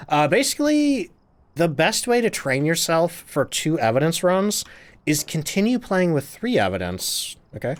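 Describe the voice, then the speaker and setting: Lively chatty male game streamer. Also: on the high side, normal speed. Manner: chatty, reads chat aloud and answers questions. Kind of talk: casual live-stream gameplay chat.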